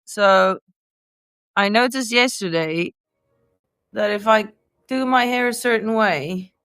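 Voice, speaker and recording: Smooth-voiced woman chatting playfully. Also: mid-range voice, takes it slowly, a bit bright, no room sound. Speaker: vlogger chatting with viewers. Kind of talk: casual chat, reading viewer comments.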